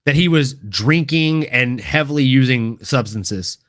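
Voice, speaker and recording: Excitable, bright-voiced male livestream host. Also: mid-range voice, a little slow. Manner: excitable, swears freely, laughs often. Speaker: podcast host. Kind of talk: casual livestream chat.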